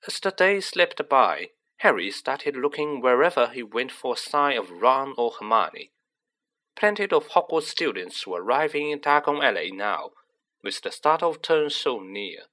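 A man narrating a story with expressive storytelling. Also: mid-range voice, measured pace. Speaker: audiobook narrator. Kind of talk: scripted narration.

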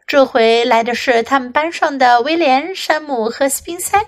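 A woman English teacher reading a picture book aloud slowly and clearly, then leading practice sentences. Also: high-pitched. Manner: slow, careful reading with repeated practice sentences.

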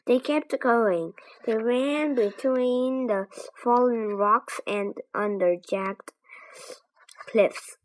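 A woman narrates a children's chapter book aloud, slow and expressive. Her voice sits a little high, and she takes her time, lingering over every phrase. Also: rough recording. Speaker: storybook narrator.

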